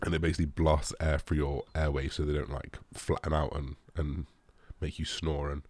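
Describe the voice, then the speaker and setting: A man's voice: extremely low pitch, little pitch movement, normal speed, a little mellow, no room sound. A young man, a bodybuilder, answering viewer questions in a rambling casual chat, full of fillers and the odd swear.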